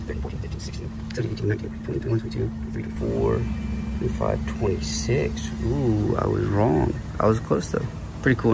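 A young man narrates a reptile-spotting vlog outdoors in a state park and at an alligator farm, casual and excited, often speaking softly to the animals. His voice sits on the low side. The audio is poor, picked up by a camera-mounted shotgun mic with clear background noise.

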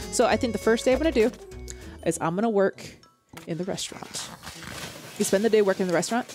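An excitable woman gamer chats through her playthrough and reads out the story text. Her voice sits mid-range and her talk is slangy and casual. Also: mid-range voice. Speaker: gaming video host. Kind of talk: casual game commentary and reading game text aloud.

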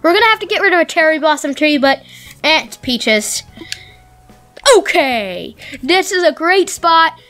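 Woman let's-play host, excitable running commentary, high and bright-sounding, faint game music under her. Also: a little slow. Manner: excitable, talks to game characters. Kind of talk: casual gameplay commentary.

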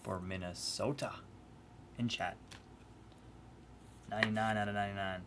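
A man's voice: on the low side, steady tone, normal speed, fairly bright tone, slight background noise. A man hosting a live trading-card break, chatting casually and teasing his viewers in a playful way. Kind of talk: casual live-stream commentary.

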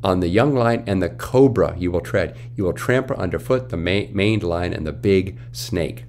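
A man's voice: low-pitched, lively intonation, normal speed, darkish tone, slight background noise. A man teaching from the Bible, reading scripture aloud and then explaining it with emphatic questions. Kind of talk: Bible study commentary.

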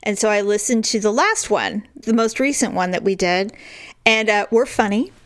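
A woman's voice: mid-range voice, normal speed. A woman co-hosting a podcast in casual chat, candid and self-deprecating, often giggling. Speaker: podcast co-host.

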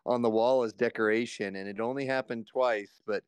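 A man joins a live stream as a guest and chats in an easygoing way, chuckling now and then. His mid-pitched voice is smooth and clear. It sounds close and dry, with no room sound. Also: fairly even intonation, fairly quick, no room sound. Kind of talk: casual livestream chat.

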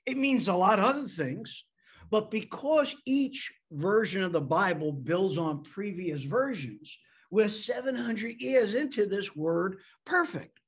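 Delivering a sermon, this men's pastor from the United States sounds animated and eases his pace to stress important words. He has a high voice with a breathy edge.

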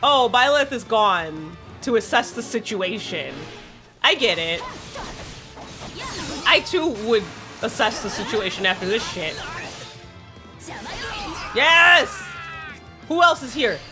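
A woman giving excitable let's play commentary, swearing a lot and shrieking when panicked. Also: on the high side, takes it slowly, pauses often, over music. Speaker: gaming streamer.

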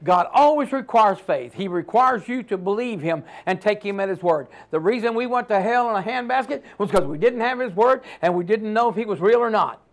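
A man preaching a sermon as pastor, emphatic, swinging between loud declarations and hushed lines and calling on the congregation to repeat after him. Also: sits high, lively intonation, brisk, few pauses.

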